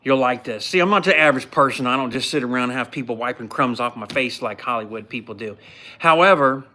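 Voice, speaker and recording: A man's voice: medium pitch, quick pace. Blunt, mocking man recapping a show. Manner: blunt, mocking, animated storytelling. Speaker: podcast host recapping a show. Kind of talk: casual live recap.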